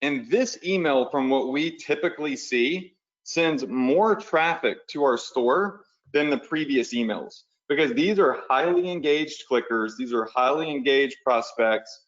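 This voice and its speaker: Male online coach, casual webinar walkthrough, ordinary pitch, somewhat muffled lo-fi sound. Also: animated, measured pace, hardly any pauses. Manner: casual, talks the viewers through steps while drawing on screen; conversational, uses "y'all" and "right?". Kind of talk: live webinar teaching. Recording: slightly dull lo-fi webinar audio.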